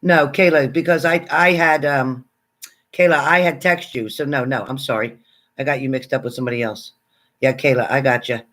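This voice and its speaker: A man hosting a casual livestream, chatting with viewers and greeting them by name, excitable and exclamatory. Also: medium pitch, normal speed. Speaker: livestream psychic reader. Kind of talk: casual live chat with viewers.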